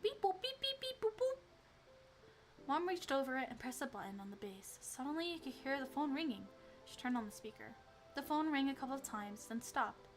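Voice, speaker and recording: A woman's voice: sits high, lively intonation, fairly quick, soft background music. A young woman streamer reading a story game aloud, chatting animatedly and giggling between lines.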